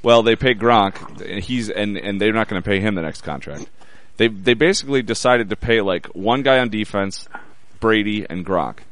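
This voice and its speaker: A man chatting casually about football on a radio show, explaining in a measured way. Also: lowish voice, a bit bright. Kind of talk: casual sports chat.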